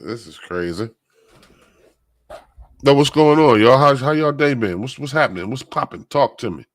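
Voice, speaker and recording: A man's voice: mid-range voice, animated, moderate pace, dry recording. A man hosting a live stream while feeling sick, chatting casually with viewers in loose slang and greeting them by name. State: sick, under the weather.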